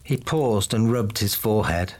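Deep-voiced male audiobook narrator. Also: normal speed, darkish tone.

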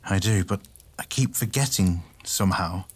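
A man's voice: low-pitched, moderate pace, darkish tone. An actor playing a blunt, troubled male warrior captain in an audio drama. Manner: blunt and gruff.

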